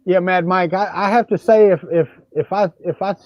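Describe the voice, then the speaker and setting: A man's voice: sits high, steady tone, moderate pace, dry recording, highs cut off. A man co-hosting a livestream chat, joking and telling stories with lots of restarts. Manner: joking, storytelling with repeated restarts. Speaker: livestream co-host. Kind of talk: casual chat.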